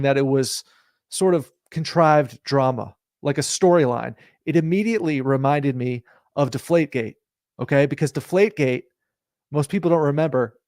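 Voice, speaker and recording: A man's voice: on the high side, a little mellow, dry recording, clean studio sound. A man hosting a sports talk show, pressing his point insistently and building long analogies in casual debate.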